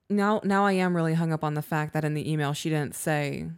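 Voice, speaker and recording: Low-voiced woman giving frank advice. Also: clean tone. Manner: frank, conversational, acts out example dialogue. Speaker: podcast co-host. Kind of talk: casual relationship advice chat.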